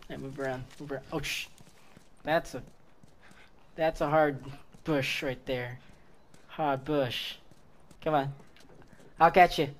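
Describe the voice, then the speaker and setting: An excitable gamer reacts to gameplay, taunting enemies, swearing and laughing in between. The talk is unhurried, drawn out between bursts, with sudden yelps and shouts that leap high, and a middling pitch otherwise. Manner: talks to the game characters. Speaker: gaming video creator.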